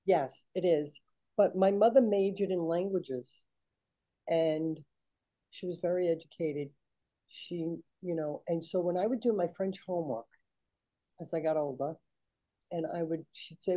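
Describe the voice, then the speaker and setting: An older woman telling stories in a casual, animated chat, acting out the people she quotes. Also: lowish voice, normal speed, poor audio. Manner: animated, chatty, acts out quoted voices. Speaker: guest.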